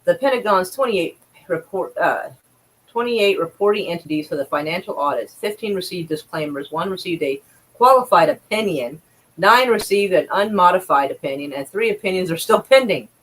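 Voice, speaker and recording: A woman's voice: lowish voice, animated, moderate pace, a bit bright, husky, poor audio. A woman livestreaming, reading news aloud and reacting with sarcastic, profane commentary and exasperated sighs.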